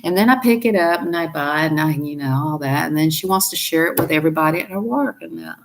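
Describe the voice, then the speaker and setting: A woman's voice: deep voice, fast talker, vocal fry. A woman with a Southern US accent, chatting folksily on a live stream and laughing often. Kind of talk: casual live-stream chat.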